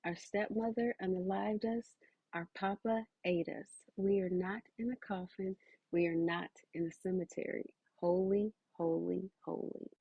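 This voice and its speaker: A woman's voice: mid-range voice, steady tone, measured pace, vocal fry, breathy edge, no echo, narrow, tinny audio. A woman voicing the eerie chant of ghostly children's bones, sinking to a whisper.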